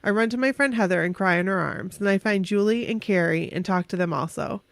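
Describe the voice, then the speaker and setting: A woman's voice: mid-range voice, brisk, vocal fry, no echo. A woman co-hosting a casual podcast, chatty and giggly as she reads a fan story aloud, stumbling over words and correcting herself. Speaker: podcast co-host.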